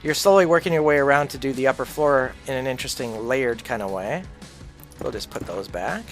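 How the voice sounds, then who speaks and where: A man with a medium-pitched voice rants casually while streaming a game live, speaking bluntly, swearing, and sharing strong opinions. He talks briskly over soft background music.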